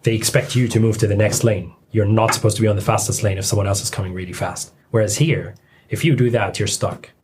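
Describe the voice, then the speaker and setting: A man talking as a podcast guest in a relaxed, hesitant way with many fillers. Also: fairly low pitch, quick pace, background noise. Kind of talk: casual podcast chat.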